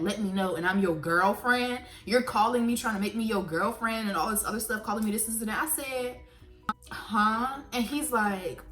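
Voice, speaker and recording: A young woman telling a casual storytime to her camera. She talks in a lively, animated way, quick to curse and swinging from laughter to outrage. Faint music sits under her voice. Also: medium pitch. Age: young adult. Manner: animated, swears freely, jumps from laughs to outrage. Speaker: vlogger.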